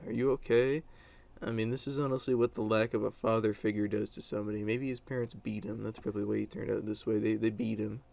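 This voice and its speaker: Gravelly young man telling a blunt story. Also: fairly low pitch, little pitch movement, fast talker, hardly any pauses, darkish tone. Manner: blunt and casual, with many fillers and crude words. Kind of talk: casual storytime monologue.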